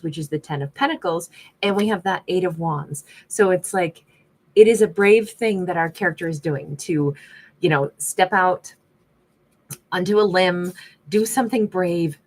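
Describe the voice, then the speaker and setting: Lady doing a tarot reading, kinda low voice, rambly and chatty, lots of ums. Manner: chatty and rambling, many fillers and restarts. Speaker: tarot reader.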